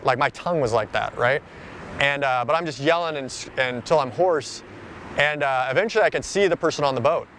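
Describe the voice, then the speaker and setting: A man's voice: medium pitch, brisk, a bit bright, slight background noise. A man being interviewed outdoors, telling a personal story in a rambling, casual way, full of "like" and "you know".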